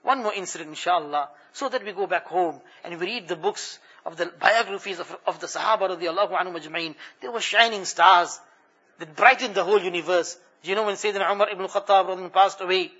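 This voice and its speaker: Brief: male preacher narrating stories to a congregation, lively delivery, high bright tone, dull lo-fi recording. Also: fast talker. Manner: animated narration, shifting volume. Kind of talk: sermon storytelling. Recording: muffled lo-fi recording.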